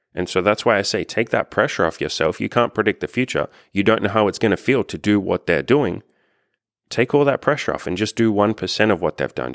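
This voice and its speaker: A man with a low, deep voice talks straight to the listener like a coach, blunt and encouraging, with the odd swear word dropped in. The recording is close and dry with no room sound. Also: no room sound. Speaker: dating and life coach. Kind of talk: casual self-help monologue.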